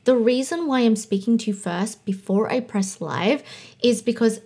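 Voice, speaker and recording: A woman's voice: on the high side, moderate pace, dark tone, slightly rough. A woman of thirty with a slight lisp, hosting a casual solo podcast in a bubbly, chatty way. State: slight lisp from new aligners. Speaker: podcast host and coach.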